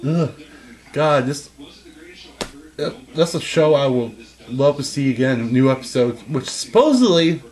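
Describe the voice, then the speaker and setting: A young man chatting casually as a co-host, excitable, laughing often and breaking into high silly voices. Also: a little slow, pauses often, poor audio. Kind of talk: casual chat.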